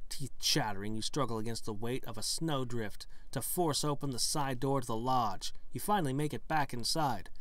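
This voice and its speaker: A man's voice: medium pitch, no echo. A man hosting a gaming video, reading a text adventure aloud and breaking in with wry, joking asides. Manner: wry, joking asides between narrated passages. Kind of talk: reading a text game aloud with casual commentary.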